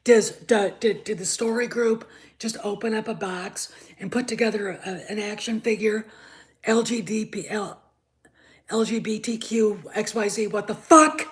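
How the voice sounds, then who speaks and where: A woman hosting her own show, ranting in anger, swearing freely, stammering and repeating herself, dropping from shouts to muttered asides. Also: mid-range voice, steady tone, measured pace. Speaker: show host. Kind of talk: angry ranting commentary.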